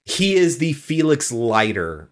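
A man's voice: medium pitch, sing-song, takes it slowly. A man co-hosting a podcast, chatting casually about a film and laughing often. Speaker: podcast co-host.

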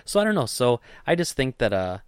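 A male podcast co-host chats casually, rambling along with plenty of fillers and jokes. His medium-pitched voice is smooth, sing-song and fairly quick, captured in a dry, clean studio recording.

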